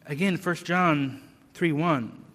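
A man's voice: on the high side, takes it slowly, a bit bright, long reverb tail. A man preaching a sermon, earnest and emphatic, with rhetorical questions and repeated words.

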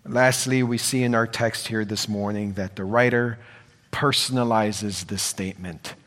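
A male preacher delivers a sermon at an unhurried, deliberate pace. He sounds earnest and leans on repeated phrases for emphasis. His voice rings out with a long reverb tail, as if in a large hall. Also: lowish voice, steady tone, fairly bright tone.

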